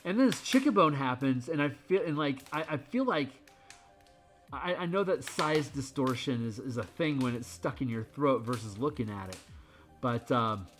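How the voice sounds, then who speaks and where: A man's voice: mid-range voice, expressive, normal speed, soft background music. A man casually chatting on a stream while he draws, rambling and candid, swearing freely. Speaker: streamer drawing art.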